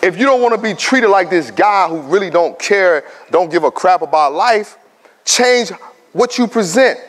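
A man in his thirties giving a motivational talk to high school students, telling stories animatedly and bantering with the audience. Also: moderate pace. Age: 30s. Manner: animated storytelling, acts out quoted voices, banters with the audience. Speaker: guest speaker at a high school. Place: large school hall. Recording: long reverb in a big hall.

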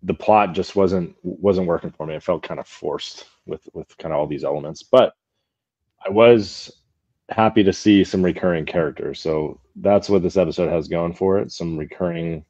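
Low, mellow-voiced man in casual chat. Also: moderate pace, no echo, dull audio. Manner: conversational, hedging opinions with "kinda" and "like". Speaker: podcast co-host.

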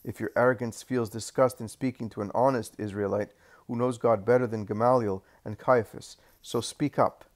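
A man voicing a proud, sharp-tongued disciple who boasts of his lineage. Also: mid-range voice, fairly even intonation, normal speed, lightly acted. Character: proud, sharp-tongued male relative of royal descent.

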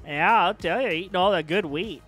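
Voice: medium pitch, normal speed, a bit bright, husky, pitched below the performer's own voice. A streamer putting on a folksy Saskatchewan prairie accent, drawn out and friendly, tossing in "bud" and "eh", with faint music behind. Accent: Saskatchewan Canadian (put on). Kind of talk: joking accent bit during a fishing game stream.

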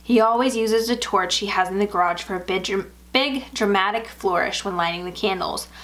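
A woman narrating a first-person horror story aloud in an even, measured way. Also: mid-range voice.

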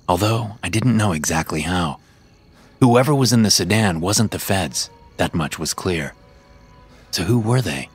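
A man narrating a first-person thriller story in a measured, brooding way. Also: sits low. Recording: clear music bed behind.

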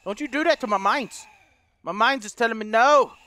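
A man's voice: very high voice, moderate pace, bright, forceful tone, no echo. A man playing a horror game for viewers, talking to them as he goes, often panicking, screaming and swearing at the monsters. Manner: talks to viewers as guys. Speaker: gaming YouTuber. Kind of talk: let's play commentary.

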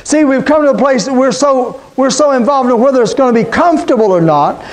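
This is a middle-aged pastor, preaching in a high-pitched voice. He keeps it conversational, tossing questions and call-outs to the people in front of him. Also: lively intonation, a little fast. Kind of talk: sermon.

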